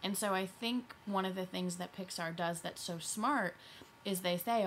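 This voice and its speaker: A woman's voice: lowish voice, steady tone, normal speed, a little hiss or hum. A woman co-hosting a casual movie review, chatty and thoughtful, with many fillers.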